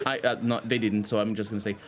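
A man's voice: fairly low pitch, level tone, quick pace. A man playing a tabletop role-playing game, laughing often and correcting himself. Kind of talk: casual game play.

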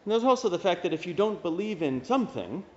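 A man's voice: high-pitched, big pitch swings, fast. A man, a Dominican priest, giving a homily in a casual, conversational way with wry asides. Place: church. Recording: dull reverberant church recording.

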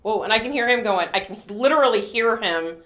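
A woman's voice: fairly high pitch, expressive, a little fast, fairly bright tone. A woman guest on a podcast in casual chat, telling stories with a laughing, self-mocking manner.

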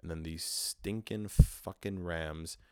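A man hosting a solo podcast, rambling in a frustrated, swearing, low-energy way while talking into a portable recorder. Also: steady tone, takes it slowly, warm tone, clean tone, dry recording, studio quality. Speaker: podcast host. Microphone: handheld portable recorder.

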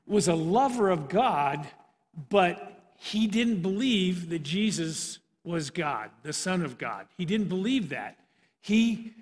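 A male preacher retelling a Bible story in an animated sermon, often restarting his sentences, in a church. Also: high-pitched. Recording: reverberant hall.

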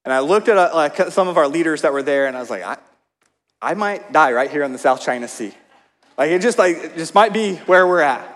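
A man with a high voice gives a sermon, mixing scripture with personal stories in a relaxed, chatty way. His words hang in a long reverb, as in a large hall. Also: a little fast. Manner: storytelling, conversational with asides. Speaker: pastor.

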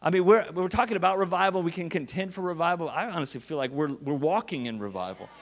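A man preaching as a guest speaker to a church, energetic and joking, with rising exclamations. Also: a little high, quick pace. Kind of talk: sermon. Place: large church auditorium. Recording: long hall reverb with faint music.

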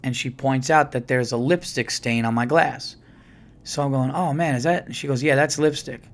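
A man's voice: medium pitch, moderate pace. A man hosting a podcast, telling a rambling, profane story in a casual monologue and quoting people as he goes. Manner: profane, rambling, animated retelling with quoted voices. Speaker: podcast host.

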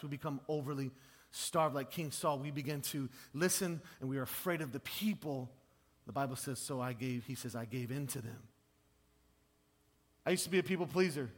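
A male pastor preaching a conversational, self-deprecating sermon in a church, acting out the voices he quotes. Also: fairly high pitch.

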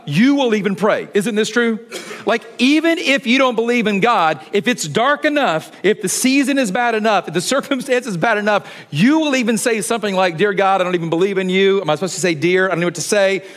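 High, lively-voiced male pastor preaching. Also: normal speed. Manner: conversational, rhetorical questions, frequent "like"; drops to quiet, low delivery for emphasis. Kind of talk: sermon.

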